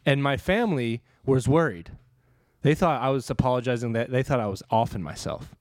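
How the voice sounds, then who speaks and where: A man hosting a podcast, telling a story in a casual, animated way and laughing often. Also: mid-range voice, brisk, no room sound. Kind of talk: casual chat.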